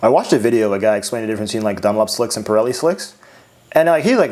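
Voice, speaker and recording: A man's voice: medium pitch, racing, a little mellow. A man co-hosting a motorcycle podcast, laid-back and peppering his talk with "like". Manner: laid-back, filler-heavy with lots of "like". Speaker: podcast co-host. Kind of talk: casual podcast chat.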